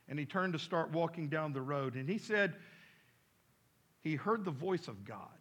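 A pastor telling a story during a sermon in a church, in an animated, dramatic way. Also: male voice, on the high side, moderate pace, pauses often, breathy edge.

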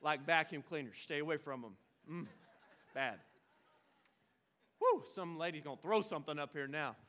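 Forties pastor, high bright voice, chatty self-mocking sermon storyteller. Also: male voice, normal speed. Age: 40s. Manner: humorous, self-deprecating, chatty with congregation. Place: church sanctuary.

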